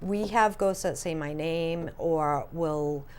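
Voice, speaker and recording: A woman co-hosting a casual paranormal chat, telling stories in a chatty, animated way. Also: deep voice, slow, clear, resonant tone. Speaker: paranormal podcast co-host.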